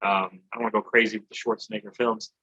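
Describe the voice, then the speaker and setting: A man talks loosely on a comedy podcast, his voice bright but husky. He recaps a film in a rambling, joking style and throws in some swearing. The sound is dull and lo-fi. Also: fairly low pitch, flat delivery, quick pace. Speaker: podcast co-host. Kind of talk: casual comedy podcast chat.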